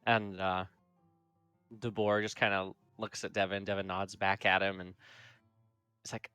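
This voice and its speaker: Rambling game master, dry and bright. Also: male voice, deep voice, flat delivery, clear, resonant tone, no room sound, soft background music. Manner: rambling, full of fillers like "like" and "kinda"; shifts into quick voiced quotes for characters. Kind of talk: narrating a tabletop game.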